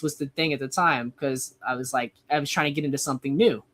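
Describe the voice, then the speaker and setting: Young man, mid-pitched voice, casual rambling storyteller, wrestler guest. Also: fairly even intonation, fast talker, fairly bright tone. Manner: rambling, heavy use of "like".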